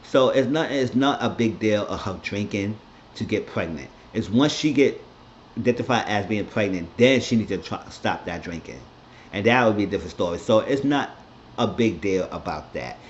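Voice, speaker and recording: Low-voiced man rambling through a recap. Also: expressive, moderate pace, dull audio, a little hiss or hum. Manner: rambling, blunt, profane. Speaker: reality show recap vlogger. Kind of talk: casual commentary.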